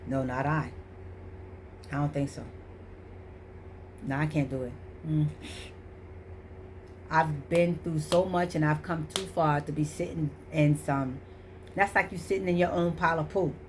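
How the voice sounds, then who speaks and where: A woman's voice: sits low, fairly even intonation, measured pace, long pauses, slight background noise. A middle-aged woman giving a casual motivational talk, emphatic and repetitive, preaching about choices. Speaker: motivational vlogger.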